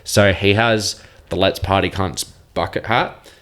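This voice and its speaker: A man's voice: sits low, steady tone, unhurried, fairly bright tone. A young man, a podcast guest rambling through a profane, laughing party story in casual chat. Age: young adult.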